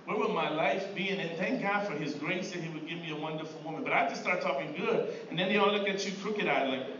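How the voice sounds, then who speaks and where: High-pitched middle-aged guy preaching, chatty, keeps saying right?, far off mic in an echoey church, kinda muffled. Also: quick pace, a bit bright. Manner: conversational preaching with many repeated words and rhetorical "right?". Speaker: pastor. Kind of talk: sermon. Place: church sanctuary. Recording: distant echoey room mic with background noise.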